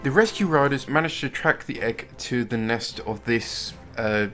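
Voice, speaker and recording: A man's voice: medium pitch, moderate pace, sharp tone. Wry British man narrating a review. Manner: wry, laughing at the show. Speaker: host narrating a show review. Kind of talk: casual commentary. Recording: faint music under the voice.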